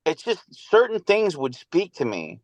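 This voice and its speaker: A man's voice: a little high, huge pitch swings, a little slow, no echo, low-quality recording. A man in his thirties, a podcast guest, talking casually in a rambling, nostalgic way with many fillers. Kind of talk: casual chat.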